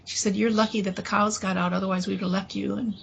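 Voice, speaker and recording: A woman recounting a personal experience in an interview, talking haltingly with restarts and quoting dialogue, with faint noise behind her. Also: mid-range voice, little pitch movement, vocal fry.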